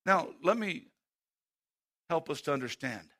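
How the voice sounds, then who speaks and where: Male preacher, high voice with a bright edge; booming emphasis that drops to a near hush; quizzes the congregation. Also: lively intonation. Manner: swings between loud emphatic calls and hushed, slow passages; asks the congregation direct questions. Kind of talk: sermon.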